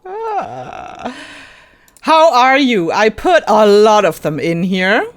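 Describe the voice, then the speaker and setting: Slow, lively woman thinking aloud. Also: mid-range voice. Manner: thinks aloud, asks and answers herself; giggly and easily delighted. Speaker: gaming YouTuber. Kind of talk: casual gameplay commentary.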